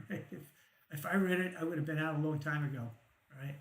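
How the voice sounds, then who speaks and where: Man, stock show host, higher-pitched voice, casual chart talk, lots of "right?", roomy echo. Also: a little fast. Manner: conversational, frequent "right?" and "okay?" check-ins, wry chuckles.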